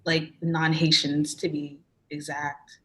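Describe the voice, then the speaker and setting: Young woman student, emotional, halting with many fillers, lowish voice, video call. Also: little pitch movement, a bit bright. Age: young adult. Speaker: student club president. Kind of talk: question from the audience.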